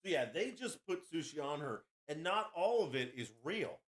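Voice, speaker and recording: A man's voice: on the high side, big pitch swings, moderate pace. A man hosting a podcast, telling a rowdy story in a crude, boastful, casual way. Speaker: podcast host.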